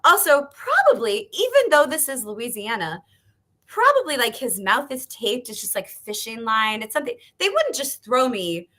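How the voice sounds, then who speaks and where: A woman's voice: fairly high pitch, sing-song, moderate pace, bright, forceful tone. A woman in her thirties, an author telling a story on a video call, laughing often and swearing as she acts out quotes. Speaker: author guest. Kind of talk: animated storytelling chat.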